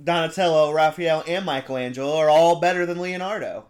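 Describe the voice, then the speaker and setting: A man's voice: fairly high pitch, brisk. A man in a casual chat, laid-back and arguing for his picks. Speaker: podcast co-host.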